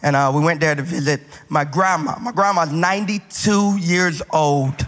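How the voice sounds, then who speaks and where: A male pastor with a speech impediment, preaching an animated, humorous sermon full of stories and talking straight to the congregation. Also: on the high side, normal speed, in a large hall, noisy background. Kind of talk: sermon with comic storytelling.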